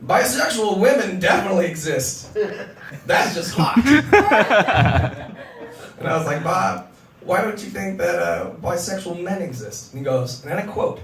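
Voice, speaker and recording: A man doing a stand-up comedy set, animated and swearing, shouting his punchlines. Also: high-pitched, a little slow, vocal fry, long pauses, slight background noise. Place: comedy club stage before a packed crowd. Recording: echoey club audio from far off. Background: audience laughter.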